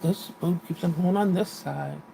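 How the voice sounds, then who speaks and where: Woman host, casual live chat, gravelly, annoyed venting, faint hiss behind. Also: on the low side, moderate pace, warm tone. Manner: frustrated, venting, swearing. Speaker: livestream host.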